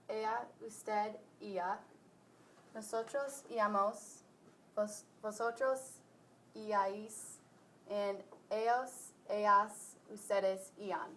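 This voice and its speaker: A young woman slowly reciting Spanish verb conjugations for a school presentation. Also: mid-range voice. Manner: slow careful recitation of verb forms. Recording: distant mic with faint hiss.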